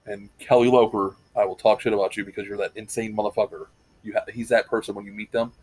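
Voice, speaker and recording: A man's voice: fairly low pitch, little pitch movement, fast, darkish tone, slightly rough, low-quality recording. A man hosting a podcast in casual chat, telling rambling, profane stories. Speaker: podcast host.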